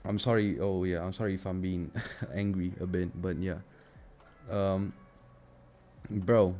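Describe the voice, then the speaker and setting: A man's voice: deep voice, slow pace, a little mellow, soft background music. A young man ranting on a casual live stream, exasperated and sarcastic, swearing and calling everyone "bro", with his mic right at his mouth. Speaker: livestream trading streamer.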